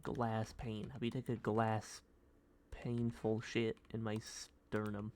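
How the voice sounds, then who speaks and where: A young man streaming a modded block-building game, rambling in goofy, silly commentary with sudden high yelps. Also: little pitch movement, takes it slowly, a little mellow. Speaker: gaming streamer. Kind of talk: casual gameplay commentary.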